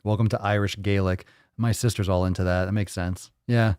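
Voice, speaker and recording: A man with a low voice hosts a fitness live stream and chats casually. He rambles and jokes, and he swears freely. The sound is dry and close, with no room echo. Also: fairly even intonation, fairly quick, a little mellow, smooth. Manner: rambling, joking, profane. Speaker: fitness livestream host.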